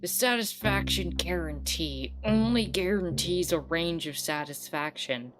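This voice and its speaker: A woman's voice: on the low side, measured pace, close to an everyday voice. A woman voicing a female general store clerk with polite, formal sales patter. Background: guitar music.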